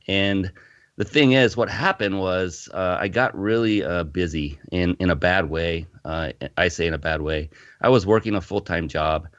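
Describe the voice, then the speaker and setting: A man's voice: lowish voice, dry recording. A man, a podcast guest, animatedly telling a personal story in a casual interview. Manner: animated storyteller, frequent restarts. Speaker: podcast guest, fitness company founder. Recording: muffled lo-fi audio, dry.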